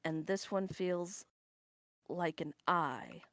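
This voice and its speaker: A woman's voice: fairly low pitch, slow pace, fairly bright tone. A woman player on a voice call, describing her character's actions in a hesitant, apologetic way.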